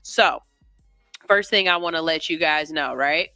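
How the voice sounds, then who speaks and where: A woman's voice: low-pitched, a little slow, bright, forceful tone, no echo, soft background music. A woman hosting a morning radio show, rambling loosely, cursing casually and laughing at herself, on a studio microphone.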